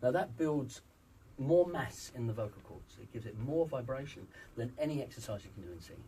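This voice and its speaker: A man coaching voice in an interview, emphatic and persuasive, his pitch swinging lively up and down. He sits a little away from the microphone, with faint background noise behind him. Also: brisk, recorded from a distance, low-quality recording. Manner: emphatic, demonstrates vocal sounds. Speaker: vocal coach. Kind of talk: interview, teaching voice exercises.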